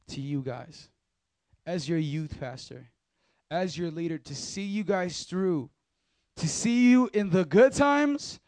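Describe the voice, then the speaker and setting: A man's voice: fairly high pitch, a little mellow, no room sound. A man speaking as a youth pastor, giving a casual, slangy sermon and talking straight to the crowd.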